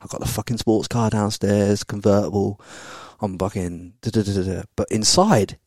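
A man's voice: fairly low pitch, moderate pace, a little mellow, no echo, studio quality. A man, telling a candid personal story as a podcast guest, blunt and full of swearing. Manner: blunt and sweary, with frequent tag questions.

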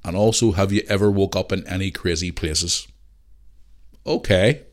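A man's voice: deep voice, steady tone, moderate pace. A Northern Irish man in his thirties hosting a podcast, telling rambling stories in casual chat and swearing freely. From Northern Ireland. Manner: swears a lot, rambling storytelling. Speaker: podcast host.

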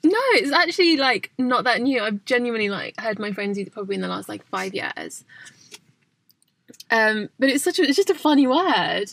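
A woman's voice: a little high, animated, moderate pace, gravelly, fairly bright tone, slightly rough. A woman chatting casually with a friend. Her speech is loose and full of fillers, and she laughs easily. The recording is dry and close, with no room echo. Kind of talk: casual chat.

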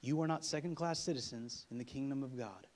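A man preaching a sermon with humor, swinging from loud emphatic passages to quiet asides and acting out couples' quarrels. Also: medium pitch, brisk. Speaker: pastor. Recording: long hall reverb.

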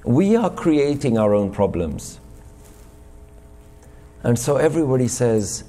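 A man's voice: mid-range voice, sing-song, unhurried, pauses often, warm tone, long reverb tail. A man giving a sermon at a gurdwara, telling a parable and posing rhetorical questions to the congregation. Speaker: speaker at a Sikh gurdwara. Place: gurdwara hall.

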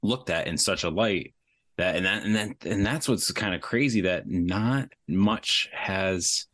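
A man's voice: lowish voice, normal speed, fairly bright tone, dry recording, studio quality. A man guesting on a podcast, talking earnestly and restarting his words often. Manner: earnest, repeats words as he talks. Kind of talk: casual film discussion.

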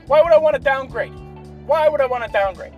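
A man with a high, light voice rants about his day, swearing freely and sounding fed up throughout. He talks from inside a car, with faint music playing in the background. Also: a little fast, lo-fi sound. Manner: profane, exasperated ranting. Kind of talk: ranting story.

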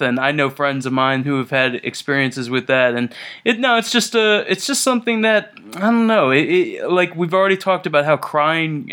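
Casual chatty man host, rambly and jokey, kinda higher voice, bright and crisp. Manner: rambling and joking, with many halting restarts. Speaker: podcast host. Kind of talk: casual chat over a conference call.

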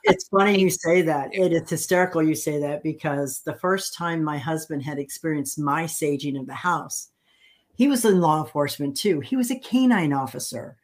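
A middle-aged woman from the United States, hosting a casual chat and telling animated stories. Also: deep voice, normal speed. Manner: animated storyteller, laughs easily. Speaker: host.

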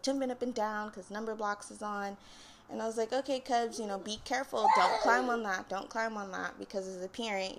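A young woman hosts a casual solo podcast in a chatty, conversational way. Her voice sits at a middle pitch, and she gets animated and laughs when she acts out a story. Faint background noise sits under the recording. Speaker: podcast host.

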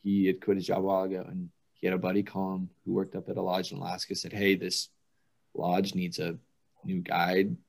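A man with a very low, deep voice sits in on a casual podcast conversation. He tells his anecdotes with animated delivery, often breaking into laughter mid-sentence. His tone is relaxed and conversational. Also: brisk, vocal fry. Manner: laughs through vivid anecdotes. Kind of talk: casual chat, storytelling.

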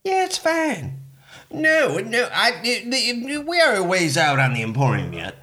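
Guy playing a flustered foul-mouthed chicken seller, blustery pitchman, voice bounces around a lot. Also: huge pitch swings, unhurried, bright, forceful tone, heavily acted. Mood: sheepish. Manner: blustering, cursing, salesman patter. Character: flustered crude middle-aged chicken shop owner. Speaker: comedy podcast host. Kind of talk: improvised comedy role-play.

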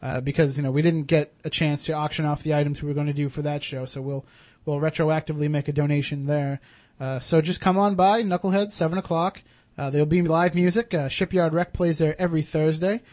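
A man's voice: a little high, fairly even intonation, fairly quick, hardly any pauses, darkish tone. A man hosting a radio talk show, chatting casually with many fillers and restarts.

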